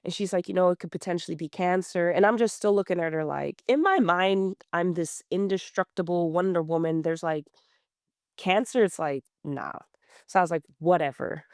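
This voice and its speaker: Smooth-voiced woman telling her story bluntly. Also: fairly low pitch, moderate pace, darkish tone, dry recording, studio quality. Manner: blunt, plain-spoken, many fillers and restarts. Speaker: guest runner. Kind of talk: candid conversational storytelling.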